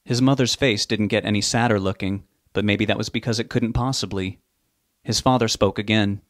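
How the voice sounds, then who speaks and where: A man reads a novel aloud in a plain, steady storytelling manner. His voice sits low, and the recording is dry and close. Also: a little fast, no room sound. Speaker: narrator.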